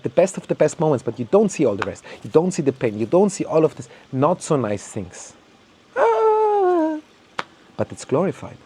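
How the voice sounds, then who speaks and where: Man ranting on a podcast, mellow warm voice, stumbling repeats. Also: medium pitch, husky. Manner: heated, ranting, swears, repeats words, mocks others in quoted voices. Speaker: podcast host. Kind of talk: opinionated monologue.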